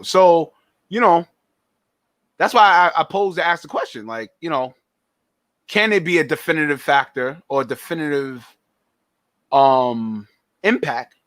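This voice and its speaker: A man's voice: fairly high pitch, animated, unhurried, long pauses, fairly bright tone, dry recording. A young man chatting casually on a podcast, stumbling and repeating words as he thinks aloud. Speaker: podcast host.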